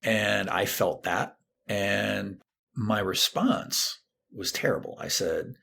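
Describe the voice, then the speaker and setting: Speaking slowly in a lowish register, this middle-aged therapist drifts into vocal fry with a breathy edge. He's a guest on a podcast, animatedly recounting something from his own life and performing the quoted lines of others.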